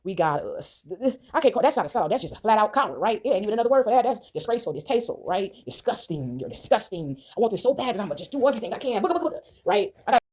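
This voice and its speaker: A woman's voice: fairly high pitch, lively intonation, very fast, few pauses, darkish tone. A woman vlogging in a casual monologue to her viewers, emphatic and repetitive, who keeps checking in with "right?".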